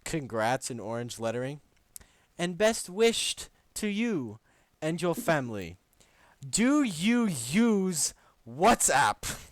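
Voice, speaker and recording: A man putting on a high, chummy foreign commenter. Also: sing-song, takes it slowly, no echo. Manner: high, loud, put-on accent. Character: male foreign online commenter, overly friendly.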